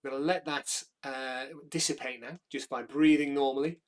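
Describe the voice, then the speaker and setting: A man guides a group through a breathing exercise, giving steady step-by-step instructions and counting them down. He talks at a middling pitch and often pauses to correct himself. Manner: calm step-by-step instruction with fillers and self-corrections.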